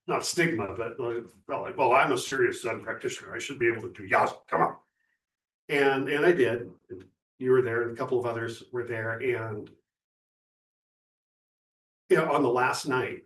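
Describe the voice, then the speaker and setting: A man sharing a retreat experience in a casual group discussion, earnest and reflective, often halting. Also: medium pitch, roomy sound, recorded from a distance. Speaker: Zen retreat participant.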